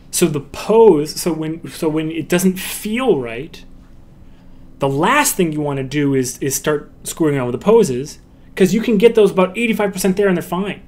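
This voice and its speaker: A man's voice: on the high side, darkish tone. A man teaching animation in a recorded lecture, often acting out short lines and laughs to demonstrate, with frequent restarts. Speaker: animation instructor.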